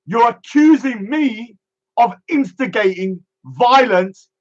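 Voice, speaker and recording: A man's voice: very high-pitched, animated, slow, muffled recording. A man, a street speaker giving vlog commentary in a mocking, repetitive manner.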